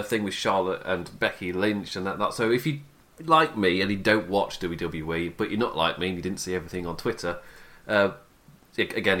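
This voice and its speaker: A young man hosts a casual wrestling podcast in a fairly low, slightly bright voice. He rambles, restarts sentences, and often laughs at himself.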